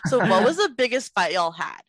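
Bright, chatty woman in her twenties. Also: mid-range voice, brisk, no echo, studio quality. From Texas. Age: 20s. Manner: chatty, laughs often, lively storytelling. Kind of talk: casual video chat.

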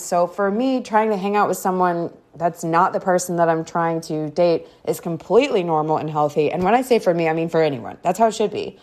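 A woman's voice: fairly low pitch, a little mellow. A woman hosting a podcast, telling a personal story in a casual, chatty way with many fillers. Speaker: podcast host.

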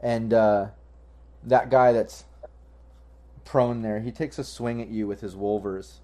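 Game master, male, low warm voice, rambling delivery full of fillers. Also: steady tone, slow. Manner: rambling, many fillers and restarts. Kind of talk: running a tabletop game online.

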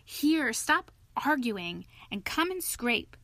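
A woman voicing a clever, eager male water rat who speaks in an emphatic, impatient and excitable way. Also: high-pitched, slow pace, no room sound, pitched above the performer's own voice, full character voice.

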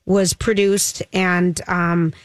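A woman's voice: on the low side, flat delivery, drawn-out words, no room sound. A woman co-hosting a casual chat show, talking about TV shows with lots of gushing enthusiasm and fillers. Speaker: show co-host.

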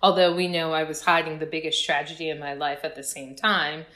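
A middle-aged woman chatting casually as a guest, telling animated stories and acting out her younger self. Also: low voice, a little fast. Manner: animated storyteller, acts out her past self. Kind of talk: casual podcast chat.

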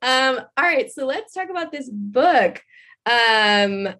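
A woman's voice: high voice, expressive, slow pace, bright, forceful tone. A woman in her twenties hosting a casual interview in a bubbly manner. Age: 20s. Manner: bubbly, laughs often. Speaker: host.

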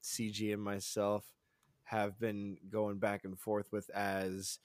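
A man hosting a podcast in casual chat, laid-back and quick to laugh, steering the conversation along. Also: fairly low pitch, completely flat delivery, no echo, clean studio sound. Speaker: podcast host.

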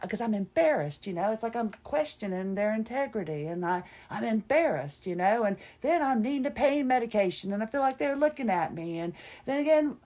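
A woman's voice: on the high side, mellow. A woman hosting a podcast, telling a candid, rambling personal story alone and poking fun at herself. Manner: candid, rambling, self-deprecating. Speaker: podcast host.

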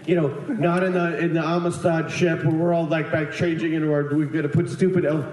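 A man's voice: fairly high pitch, flat delivery, fairly quick, darkish tone. Rambling man telling a comic story in an echoey room. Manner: rambling, profane, acts out other people's lines with big voice jumps. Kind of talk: comic storytelling, casual chat.

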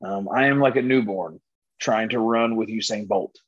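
Husky man telling a wild story. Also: on the low side, moderate pace, dull audio. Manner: animated, laughs through his own story. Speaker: podcast guest. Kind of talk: casual storytelling chat.

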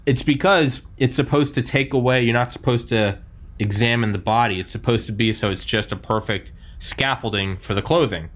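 The voice belongs to a man in his thirties who hosts a podcast, mid-range in pitch, fairly bright in tone, and at a normal speed. He's casually chatting, loose and rambling, with plenty of "like" and "man".

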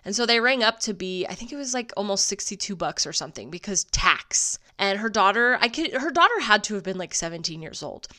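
A woman's voice: mid-range voice, expressive, a little fast, bright, forceful tone. A woman hosting a solo podcast, telling stories in a casual, profane, sarcastic way and laughing often. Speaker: podcast host.

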